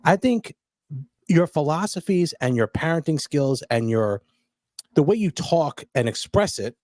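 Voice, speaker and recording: A man hosting a casual interview podcast, speaking in a thoughtful, measured way. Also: on the high side, lively intonation, darkish tone, no room sound, clean studio sound. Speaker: podcast host.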